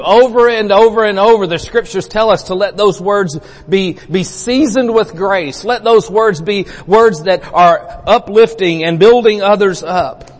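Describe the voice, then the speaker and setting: Folksy man preaching in an echoing church. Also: high voice. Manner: folksy storytelling with repeated words. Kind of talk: sermon.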